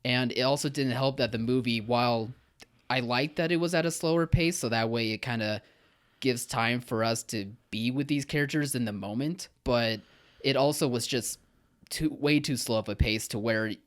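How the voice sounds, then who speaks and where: A man's voice: medium pitch, moderate pace, a bit bright. A man co-hosting a podcast, giving a film review in casual chat, earnest and hesitant with frequent restarts.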